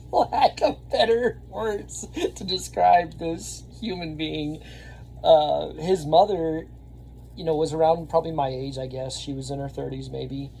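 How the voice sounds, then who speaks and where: A man, telling a rambling story to camera and getting louder when he acts out scenes. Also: a little high, vocal fry, slight background noise. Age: 30s. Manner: rambling, animated, laughs often, shouts when reenacting. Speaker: vlogger and Army veteran.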